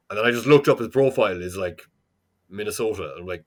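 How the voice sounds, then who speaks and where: A man's voice: lowish voice, animated, normal speed, pauses often, a bit bright. An Irish man co-hosting a podcast from home in a casual, long-winded, rambling chat, swearing freely, into a headset mic. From Ireland. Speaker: podcast co-host.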